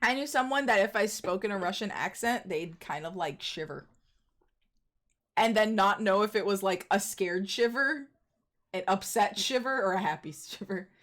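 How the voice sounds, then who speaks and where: A woman's voice: medium pitch, moderate pace, fairly bright tone. A young adult woman streamer chatting casually with her audience in a playful, teasing way. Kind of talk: casual gaming stream chat.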